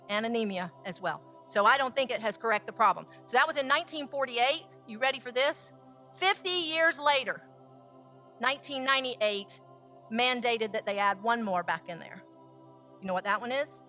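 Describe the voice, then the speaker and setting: A woman who is a food scientist, teaching with lively stories and rhetorical questions. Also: fairly high pitch, normal speed, faint music behind. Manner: animated, acts out quotes, asks rhetorical questions. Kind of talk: teaching talk with storytelling.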